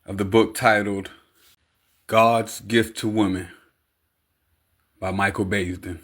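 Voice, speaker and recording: A man reading an audiobook aloud in a steady, unhurried narration. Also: fairly low pitch. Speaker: audiobook reader.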